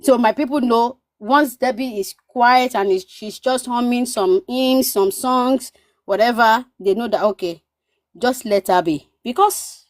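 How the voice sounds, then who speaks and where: Animated Nigerian-born woman telling stories. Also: fairly high pitch, measured pace, no room sound. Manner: animated, repeats phrases for emphasis, acts out quoted voices. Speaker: guest. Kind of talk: casual storytelling chat.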